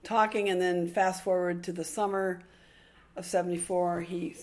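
An older woman telling stories as a podcast guest, excitable and animated, acting out the voices of the people she quotes. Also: lowish voice, normal speed. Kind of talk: casual storytelling interview.

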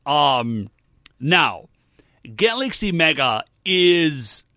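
Man co-host, fairly high voice, lively and agreeable, dry close mic. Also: unhurried, no room sound. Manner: agreeable, chiming in, acts out quotes. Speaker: podcast co-host. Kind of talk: casual chat recapping a show.

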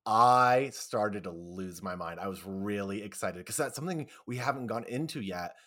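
A man co-hosting a podcast, giving excited, gushing reactions in casual chat. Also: fairly low pitch, moderate pace. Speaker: podcast co-host.

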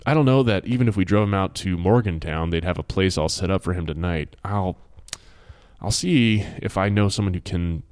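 A man's voice: sits low, normal speed, a little mellow, clean tone, dry recording, studio quality, lightly acted. A man voicing a weary, middle-aged small-town sheriff who speaks grimly and plainly. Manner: grim, plainspoken.

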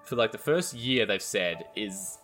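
A man's voice: on the low side, lively intonation, a little slow, a bit bright, soft background music. A young man, co-hosting a casual podcast chat, teasing and swearing. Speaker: podcast co-host.

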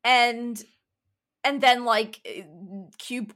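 Bright-voiced woman gushing in casual chat. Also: on the high side, steady tone, extremely slow. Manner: rambling, emphatic, restarts often.

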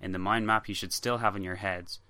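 A man narrating a history podcast from a script in a measured storytelling manner. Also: sits low, steady tone, crowd noise. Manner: measured, read-aloud storytelling. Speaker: podcast host.

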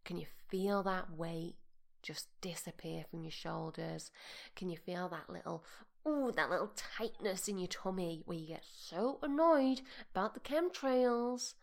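A young woman hosting a podcast, chatting playfully and sometimes dropping into a soft mock-meditation voice. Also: fairly low pitch, measured pace, vocal fry. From Britain. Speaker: podcast host. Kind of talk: casual chat.

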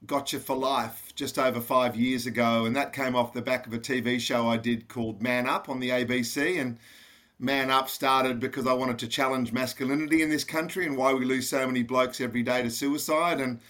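A man's voice: medium pitch, fairly even intonation, a little fast, a bit bright. A man with an Australian accent, a guest on an interview podcast, speaking passionately and directly in a casual, blokey way. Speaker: podcast guest, charity founder.

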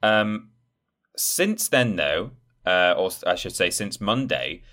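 A man's voice: deep voice, animated, slow, bright, forceful tone. A man co-hosting a gaming podcast in casual chat, talking in a chatty, meandering way and correcting himself as he goes. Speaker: podcast co-host.

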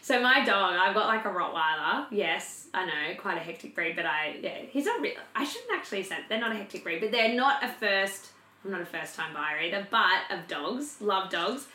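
A woman's voice: mid-range voice, expressive, normal speed, sharp tone, echoey room. A young woman in casual personal chat, candid and chatty, swearing freely and filling her talk with "like".

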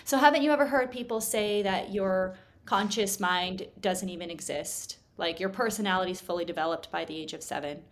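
A woman hypnotherapist, a guest on a studio podcast, explaining her work in an animated, teaching manner, swinging her loudness up and down to make points. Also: mid-range voice, a little fast, few pauses. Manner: animated, explanatory, shifts volume to demonstrate.

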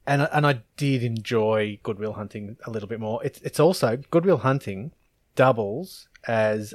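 A man's voice: medium pitch, normal speed, no echo, clean studio sound. A man, co-hosting a podcast in casual chat and rambling through laughing anecdotes. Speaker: podcast co-host.

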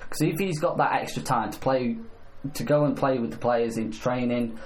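A man's voice: mid-range voice, normal speed, poor audio. A man co-hosting a casual football chat, rambling and restarting his sentences. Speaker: podcast co-host. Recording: faint background noise.

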